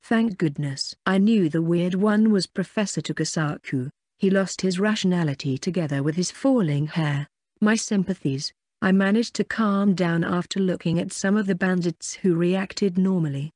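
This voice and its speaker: A synthetic voice reading a light novel aloud in an even, scripted narration, reading punctuation and web links out word for word. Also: medium pitch, moderate pace, dry recording, clean studio sound. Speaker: audiobook narrator.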